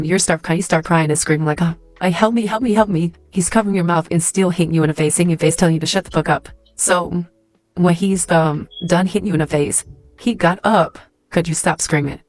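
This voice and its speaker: A woman whose voice sits low and a little mellow tells a dramatic story in the second person for a social media clip. Her style is casual and rambling, full of fillers such as "like" and "and stuff like that," and there is no room sound.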